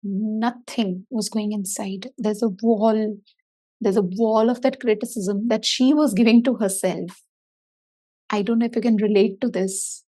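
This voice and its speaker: A middle-aged woman therapist giving a motivational talk to parents, expressive and animated, acting out her inner voice with big swings. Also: mid-range voice, a little slow. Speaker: therapist for autistic children.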